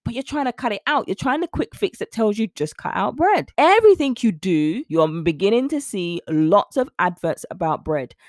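Woman, podcast host, chatty, animated, mid pitch, dry sound. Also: normal speed, hardly any pauses, no echo. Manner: animated, chatty, acts out little scenes. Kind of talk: solo podcast monologue.

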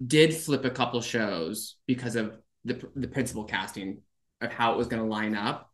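A man's voice: mid-range voice, normal speed, fairly bright tone. A man who dances ballet, explaining schedules in a matter-of-fact casual chat. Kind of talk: casual conversation.

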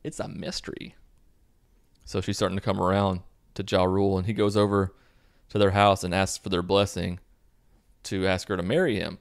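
Low, gravelly man with a sarcastic recap. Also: moderate pace, pauses often. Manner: sarcastic, deadpan asides, swears freely. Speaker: video host recapping a movie. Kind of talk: casual sarcastic movie recap.

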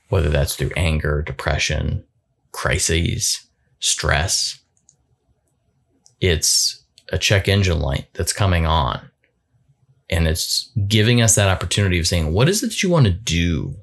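Deep-voiced guy coaching in a solo talk, thoughtful, stumbles and restarts a lot. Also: gravelly. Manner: thoughtful, halting, repeats words, light laughs.

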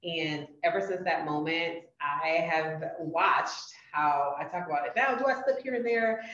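Brief: woman podcast host, animated storyteller, slightly low voice, recorded far from the mic. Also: unhurried. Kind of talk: casual interview chat. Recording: roomy, distant, muffled podcast audio.

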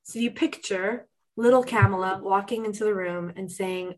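A woman talking as a guest on a podcast, warm coaching chat that acts out inner voices with lively shifts. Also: medium pitch, moderate pace, rough recording. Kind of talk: casual interview chat.

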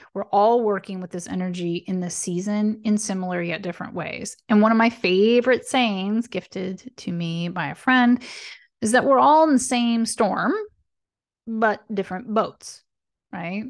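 A woman talking her way through a casual solo podcast, with a gravelly fry running under her mid-range voice. She keeps it chatty, tossing in "right?" and "okay?", light laughs and the odd swear. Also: medium pitch, moderate pace. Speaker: astrology podcast host.

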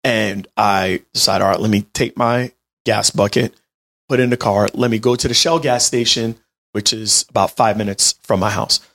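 A man in his late twenties telling a personal story in an animated, chatty way, talking straight to his listeners. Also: on the low side, moderate pace. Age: 20s. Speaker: healthcare business owner. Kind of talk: storytelling monologue to an audience.

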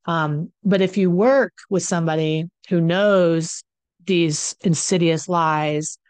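A woman speaks as a coach on addiction and codependency, blunt and impassioned, slipping into quoted lines from arguments as she goes. Her voice sits fairly low. The sound is close and dry, with no room around it. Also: darkish tone, dry recording. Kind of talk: direct-to-camera advice talk.

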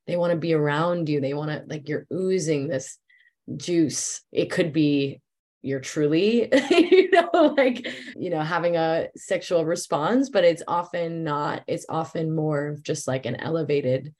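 A woman's voice: deep voice, measured pace, a little mellow. A woman speaking as a coach and podcast guest in a casual talk, reflective and searching, often repeating words as she gathers her thoughts. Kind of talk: casual conversational interview.

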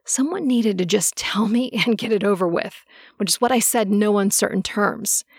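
A woman reads a first-person audiobook in a measured way. Her voice has a gravelly fry, and the recording is close and dry. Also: mid-range voice, dry recording. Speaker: audiobook narrator.

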